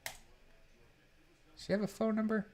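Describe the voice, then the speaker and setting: A man's voice: high-pitched, big pitch swings, slow pace, darkish tone. A male host chatting casually while setting up a prank call, giggling and rambling. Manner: giggly, rambling, self-mocking. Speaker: show host. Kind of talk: casual comedic livestream chat.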